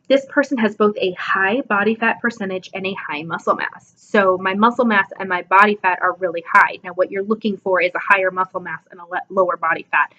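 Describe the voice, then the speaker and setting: A woman's voice: mid-range voice, pushed and bright, muffled recording. Sleepy, chatty young woman vlogger. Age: 20s. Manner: chatty, self-deprecating, laughs often. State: sleepy, yawning. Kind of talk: casual self-assessment vlog.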